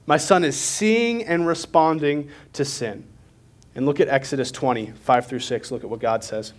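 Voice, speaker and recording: A man's voice: on the high side, normal speed. Young man preaching a casual sermon. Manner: conversational and candid, with self-deprecating asides.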